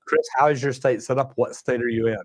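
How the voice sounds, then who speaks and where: A man's voice: mid-range voice, steady tone, fast, no room sound, rough recording. A middle-aged man, hosting a casual livestream and reading chat messages in a folksy, drawling way. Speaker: plumbing channel host reading live chat.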